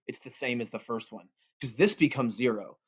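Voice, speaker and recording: A man's voice: medium pitch, moderate pace, slightly rough. A male math teacher giving a recorded calculus lesson in a playful, joking way. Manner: playful and goofy, jokes with students. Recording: dull lo-fi audio.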